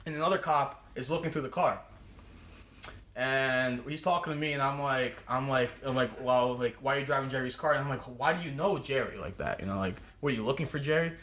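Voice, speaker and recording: A man's voice: mid-range voice, a little fast, a bit bright. A man telling a rambling, profane story as a podcast guest, restarting his sentences often. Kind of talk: casual storytelling. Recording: roomy echo.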